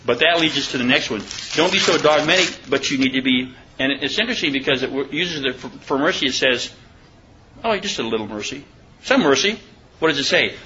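A man giving an informal Bible study sermon, reading scripture slowly and deliberately and asking his listeners questions. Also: medium pitch, muffled recording, noisy background. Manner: conversational, asks the listeners questions. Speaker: preacher.

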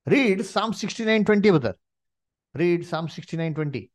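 Preacher guy, kinda high voice, keeps saying "you see", pushy questions. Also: lively intonation, moderate pace. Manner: emphatic, rhetorical questions, frequent "you see". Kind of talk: sermon.

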